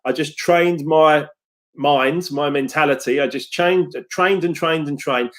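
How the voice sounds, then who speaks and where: A man's voice: fairly high pitch, unhurried. A middle-aged man, a success coach, telling stories in a chatty, upbeat way to his followers. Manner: chatty and upbeat, storytelling with quotes. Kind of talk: casual live talk to followers.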